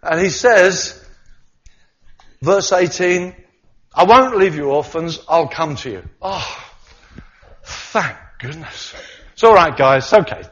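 A man preaching a sermon, animated, acting out the voices of the disciples as he talks. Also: high-pitched, a little slow, lo-fi sound.

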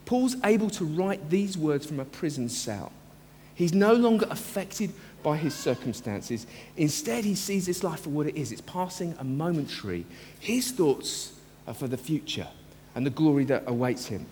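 A pastor preaches in an earnest, emphatic manner, his voice high for a man and swinging widely in pitch. He slows down to lean on key phrases. A long church reverb and a faint hum of room ambience surround him. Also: a little mellow. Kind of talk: sermon.

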